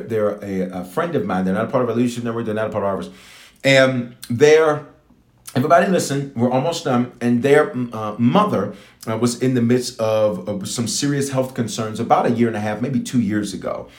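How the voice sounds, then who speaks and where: This live-streamed sermon and prayer comes from a bishop whose mid-range voice moves a little fast in an echoey room. He teaches and prays with animation, driving points home through repetition and speaking to his online audience.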